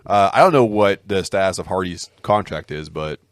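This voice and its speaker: A man's voice: deep voice, moderate pace, no echo, studio quality. A man co-hosting a podcast, casually recapping a wrestling match with fillers and laughs. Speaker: podcast co-host.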